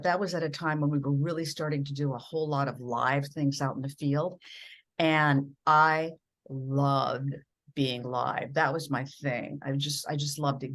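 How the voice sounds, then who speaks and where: A middle-aged woman from Minnesota, a broadcast journalist telling animated stories as an interview guest. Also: low-pitched. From rural Minnesota. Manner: animated storyteller acting out voices in quotes. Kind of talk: storytelling in a podcast interview.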